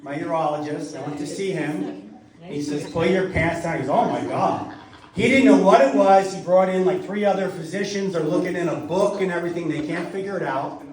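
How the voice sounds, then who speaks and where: A man's voice: high voice, fairly quick, a crowd in the background. A middle-aged man telling rambling jokes at a party, chuckling through his stories. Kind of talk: stand-up joke telling at a party. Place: studio party room. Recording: roomy sound from a distant mic.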